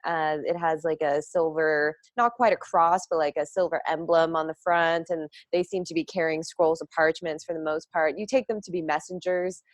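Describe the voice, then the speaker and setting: A woman's voice: low-pitched, steady tone, normal speed, hardly any pauses, no room sound. A woman narrating a tabletop game as game master, describing scenes in a chatty way with fillers.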